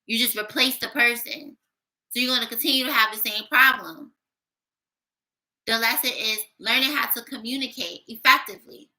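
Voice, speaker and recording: Woman, tarot reader, casual monologue, blunt and sassy, raspy fry, piercing bright tone. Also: fairly high pitch, normal speed, low-quality recording. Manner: blunt, sassy, thinking aloud.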